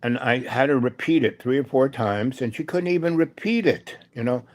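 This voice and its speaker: A man hosting a live stream, telling a meandering personal story full of fillers and asides, sometimes dropping to a soft, hushed voice. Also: medium pitch, moderate pace. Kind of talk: rambling storytelling monologue.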